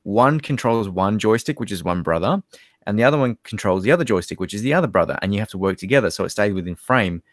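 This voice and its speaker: Australian guy, live-stream co-host, rambling and lively, dry close sound. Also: lowish voice, quick pace, no room sound. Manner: rambling, laid-back storytelling with many fillers. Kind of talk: casual live stream chat reading viewer comments.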